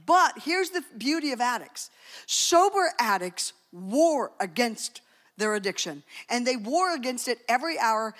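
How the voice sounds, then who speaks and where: A woman's voice: fairly high pitch, a bit bright. A woman preaching a sermon in a conversational, emphatic way, with joking asides. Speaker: speaker at a church talk.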